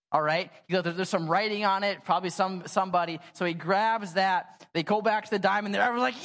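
Young guy pastor, chatty animated sermon, lots of likes, echoey church hall. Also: high-pitched, normal speed. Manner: casual, animated storytelling with many "like" fillers. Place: church sanctuary. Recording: long church hall reverb.

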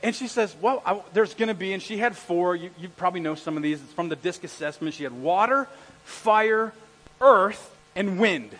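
A male pastor preaching a sermon with a husky voice, telling stories in an animated way and shouting out the lines he quotes. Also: sits high, moderate pace. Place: church hall. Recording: echoey hall.

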